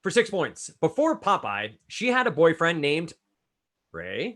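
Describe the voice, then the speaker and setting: A man hosting a trivia game, reading clues briskly and calling on players by name. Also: on the high side, wildly swooping pitch, a bit bright. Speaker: trivia quizmaster.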